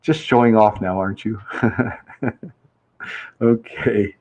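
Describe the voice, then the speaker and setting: A man's voice: on the low side, steady tone, slow pace, a little mellow. A man hosting a casual live-stream survey game, chatty and reading viewers' answers aloud with easy laughs. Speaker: livestream host running a survey game.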